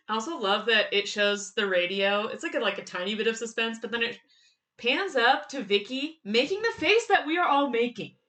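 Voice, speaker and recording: Female fan commentator, bright tone, slightly high, excitable and chatty. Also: moderate pace. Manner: excited, laughing often, quotes lines in bursts. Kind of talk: casual TV reaction commentary.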